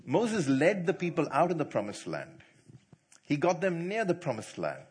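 Husky preacher guy, super lively voice, asks the crowd stuff. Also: fairly high pitch, moderate pace. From not from India. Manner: animated, asks the audience questions, laughs easily. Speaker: preacher teaching church leaders. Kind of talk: sermon.

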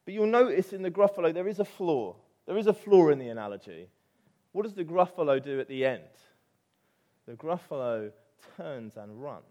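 A man's voice: a little high, big pitch swings, moderate pace, dark tone. A man with an English accent preaching a sermon, telling a story with animation and rising to emphatic peaks.

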